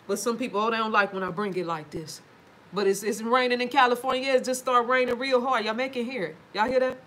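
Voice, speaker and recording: Speaking at a medium pitch with a slightly bright tone, a woman chats to her livestream audience from home. She's emphatic and profane, cursing liberally while reading viewer comments and talking straight to the people watching.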